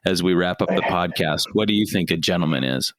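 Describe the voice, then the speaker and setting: A man with a low voice hosts a relaxed podcast interview, putting easy questions to his guest. The recording is close and dry, with no room sound. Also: a little fast, no echo. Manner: easygoing, prompts the guest with questions. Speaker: podcast host. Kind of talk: casual interview.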